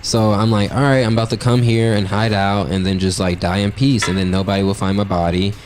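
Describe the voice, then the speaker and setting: A man's voice: on the low side, little pitch movement, brisk, background noise. Blunt, profane storytelling man. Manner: blunt, profane, brutally honest; loose and rambling, heavy with "like" and "right?". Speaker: podcast host. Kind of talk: casual storytelling monologue.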